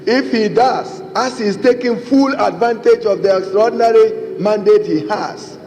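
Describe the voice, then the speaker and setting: Ghanaian guy, middle-aged, making a formal speech in parliament, a bit high but mellow voice, big echoey chamber. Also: normal speed. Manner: emphatic, formal, keeps addressing the Speaker. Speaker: member of parliament. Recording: long chamber reverb, faint background noise.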